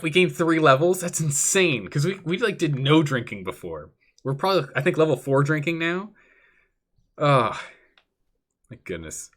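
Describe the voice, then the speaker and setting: A young male streamer giving casual gameplay commentary, excitable, laughing often, with many fillers. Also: medium pitch.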